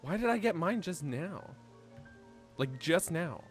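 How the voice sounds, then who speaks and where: Man from Canada, game streamer, chatty and laughing, animated delivery, soft music bed. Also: fairly high pitch, measured pace. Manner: chatty, laughs often, reads chat aloud. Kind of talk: casual gameplay stream chat.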